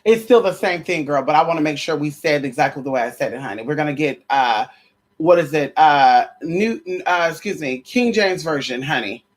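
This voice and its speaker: In an expressive mid-range voice, a weary, sweaty vlogger sassily lectures viewers as honey and girl in a profane, preachy rant. The delivery includes stuttering restarts, shouts of ow, and dramatically slow scripture reading.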